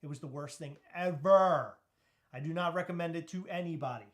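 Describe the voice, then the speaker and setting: Higher-voiced man on a casual live stream. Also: a little fast. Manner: laughs easily, swears casually, reads chat comments aloud. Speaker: podcast co-host.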